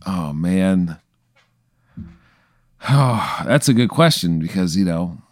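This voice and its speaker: A man trading relaxed comic banter as a podcast guest, laughing easily. His voice sits low but moves a lot, recorded close and dry. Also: slow pace, no room sound. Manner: laid-back, laughs often. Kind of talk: casual comedy banter.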